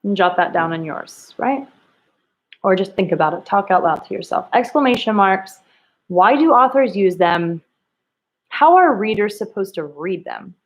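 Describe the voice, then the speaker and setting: A woman teaching a recorded reading lesson to children, asking slow, emphatic questions and acting out the quoted lines. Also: mid-range voice, lo-fi sound.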